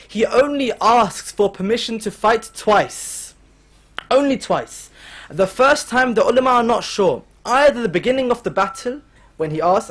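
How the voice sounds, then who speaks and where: A man giving an emotional sermon, telling a story dramatically and acting out the quoted figures, moving from hushed to impassioned. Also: sits high, husky. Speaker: speaker at a Muharram majlis. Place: gathering hall.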